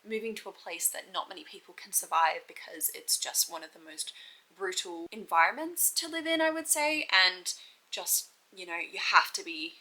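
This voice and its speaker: Woman, Australian accent, young adult, casual book chat, bright tone, gushing. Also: on the low side, lively intonation, normal speed, poor audio. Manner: chatty, gushing, laughs often. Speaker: book vlogger.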